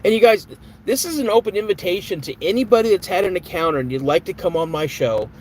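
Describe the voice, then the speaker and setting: A man's voice: mid-range voice, slight background noise, poor audio. A man hosting a podcast live stream, chatting casually with viewers in a rambling, off-the-cuff way. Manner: rambling, reads chat aloud, flares up angrily at a troll. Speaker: podcast host.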